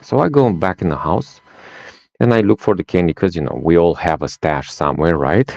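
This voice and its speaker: Speaking a little fast, a deep-voiced Romanian life coach, native in Romanian, shares personal stories as a podcast guest. His storytelling is animated, with acted-out dialogue and a habit of tagging lines with "right?", captured in a dull, dry recording with no echo.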